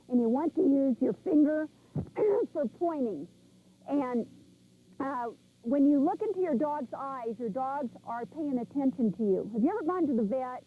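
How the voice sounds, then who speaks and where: High-voiced woman dog trainer teaching. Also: dark tone, poor audio. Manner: emphatic, repeats commands firmly. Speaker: animal trainer. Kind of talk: instructional class talk. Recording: VHS video recording.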